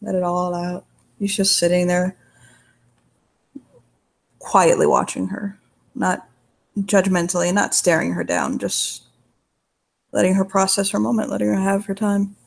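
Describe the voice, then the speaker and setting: A player with a gravelly edge describes what a character does in a casual role-play. The narration is soft and unhurried, at a middle pitch. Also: little pitch movement.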